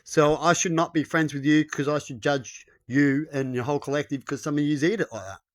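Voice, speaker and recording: Brief: a superior male alien that eats humans, flat and matter-of-fact, put on by a man telling a story. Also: fairly high pitch, brisk, lightly acted. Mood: reasoning.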